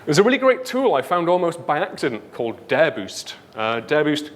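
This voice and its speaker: A man's voice: on the high side, brisk. A man with a Northern English accent giving a chatty talk to an audience at a tech conference, often dropping in "right?" and "um". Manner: lively, chatty, leans on "right?" and "um". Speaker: conference speaker. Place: conference stage before an audience.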